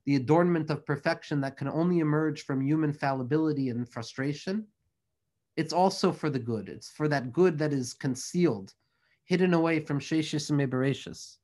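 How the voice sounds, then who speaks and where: An earnest man delivers a religious lecture in long, flowing phrases, weaving Hebrew and Yiddish terms through his English. His voice sits somewhat high for a man. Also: darkish tone. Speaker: Torah teacher.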